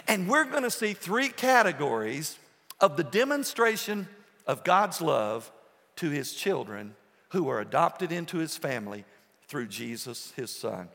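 Passionate preacher with a high, bright voice. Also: male voice, big pitch swings, unhurried. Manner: passionate, swings between soft and loud. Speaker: pastor. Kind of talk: sermon. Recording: long hall reverb.

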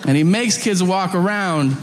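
A man telling a funny story in casual podcast chat, animated and laughing. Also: sits high, moderate pace, in a large hall. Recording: background noise.

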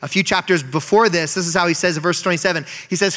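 A young man preaching a sermon as a pastor, swinging from loud emphatic points to hushed asides and prompting the congregation to respond. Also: a little high, racing, few pauses.

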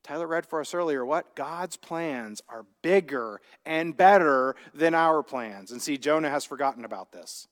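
A man preaching from the pulpit with a notably high voice. He talks to the congregation conversationally and keeps asking them rhetorical questions. His voice echoes with the long reverb of a church sanctuary. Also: animated, moderate pace, few pauses. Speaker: pastor. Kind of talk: sermon.

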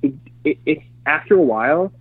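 A man's voice: a little high, expressive, a little fast, slightly rough, dry recording. Middle-aged man, interview guest, candid and rambling, thin phone-line sound, dry. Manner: rambling, candid, many fillers and restarts. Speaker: interview guest, former publicist. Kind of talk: casual storytelling interview.

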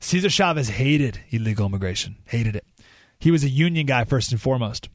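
A man hosting a talk radio show, delivering an animated political monologue and often repeating or restarting words. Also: mid-range voice, fairly quick, dry recording, clean studio sound.

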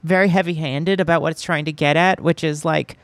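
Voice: medium pitch, steady tone, a little fast, no room sound. A podcast co-host in casual chat, recapping a film in a rambling way and laughing now and then.

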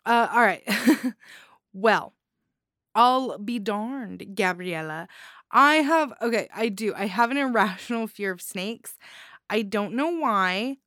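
A woman's voice: medium pitch, expressive, a little slow, a bit bright, no room sound, studio quality. Giddy, chatty woman story-show host. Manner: chatty and giddy, laughs often, many fillers. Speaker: host reviewing listener-submitted stories. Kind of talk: casual commentary on stories.

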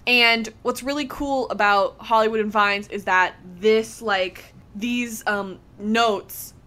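A woman's voice: on the high side, fairly even intonation, slow, bright, forceful tone. A young woman co-hosting a casual podcast, chatty, laughing often and acting out quotes from the show. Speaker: podcast co-host.

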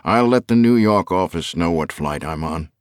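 A man's voice: low voice, lively intonation, normal speed, clear, resonant tone, no echo, clean studio sound. A man playing a clipped, anxious businessman. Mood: tense.

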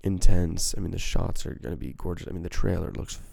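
Gravelly low-voiced man rambling on a podcast. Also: fairly even intonation, quick pace, dark tone, no room sound. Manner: rambling, profane, self-mocking. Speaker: podcast host. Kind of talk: casual solo podcast chat. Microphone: handheld microphone.

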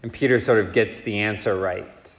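A man's voice: fairly low pitch, fairly even intonation, normal speed. Male priest, laid-back chatty homily, reverberant church, long echo. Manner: casual, conversational preaching with many fillers. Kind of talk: gospel reading and homily.

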